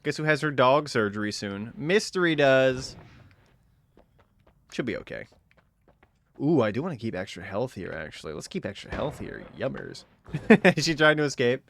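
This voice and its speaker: Animated, joking male game streamer. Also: medium pitch, moderate pace, creaky, pauses often. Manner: animated, joking, swearing, sudden yelps. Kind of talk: casual gaming stream commentary.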